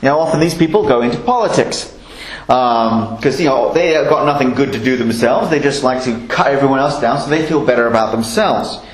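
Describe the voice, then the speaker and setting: A man preaching a sermon, reading scripture slowly and then explaining it in a chatty way. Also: mid-range voice, reverberant, rough recording.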